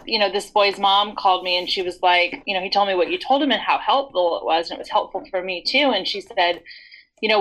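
A woman in her forties talks through parenting ideas in a relaxed podcast chat. She tells stories and slips into short acted-out lines of what a parent might say. Her voice sits in a mid range. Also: medium pitch, poor audio. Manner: warm explanatory storytelling, acts out parent lines.

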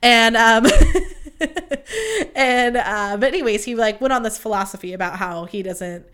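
A woman's voice: fairly high pitch, moderate pace, clean tone. A young adult woman hosting a podcast, telling a dating story in a chatty, profane way and acting out quoted lines. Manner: chatty, profane, quoting others in lively voices. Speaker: podcast host. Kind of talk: casual storytelling monologue.

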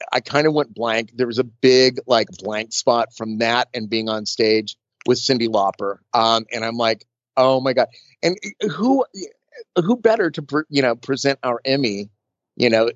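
A makeup artist being interviewed, telling stories in a chatty, rambling way with lots of fillers and restarts. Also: male voice, mid-range voice, no room sound. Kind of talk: casual storytelling interview. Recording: dull lo-fi dry sound.

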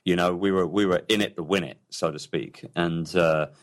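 Low-voiced chatty man. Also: steady tone, moderate pace. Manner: chatty, enthusiastic, repeats words when starting sentences. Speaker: podcast guest, entrepreneur. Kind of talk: casual interview talk.

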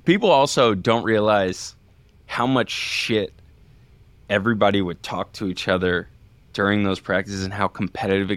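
A man co-hosting a casual sports podcast, a former walk-on who needles his friends with fast banter. His voice is on the low side and sounds dry and close. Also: a bit bright, smooth, no echo. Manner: teasing, fast, ribbing. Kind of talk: casual chat, teasing co-hosts.

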